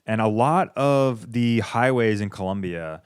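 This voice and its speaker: A man's voice: on the low side, expressive, unhurried, clean tone, no echo, studio quality. Rambling, sarcastic, foul-mouthed man podcasting. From United States. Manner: rambling, profane, sarcastic, with frequent tangents. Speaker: podcast host. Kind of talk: casual solo podcast monologue.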